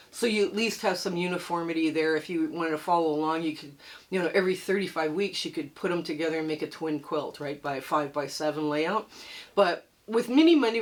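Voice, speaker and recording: An older woman from Canada hosting a quilting channel, chatting casually and upbeat with frequent laughs, a bit under the weather and coughing. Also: medium pitch. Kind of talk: casual tutorial chat to camera.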